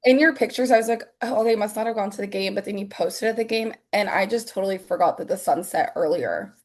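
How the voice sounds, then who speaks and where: A young woman co-hosting a podcast, talking casually with slang and quick reactions. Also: medium pitch. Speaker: podcast co-host. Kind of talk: casual chat.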